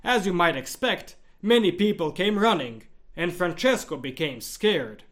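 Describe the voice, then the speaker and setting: A man with a fairly high voice narrates a devotional story from a script. His pitch rises and falls with a lot of movement, and he keeps a measured, expressive storytelling pace.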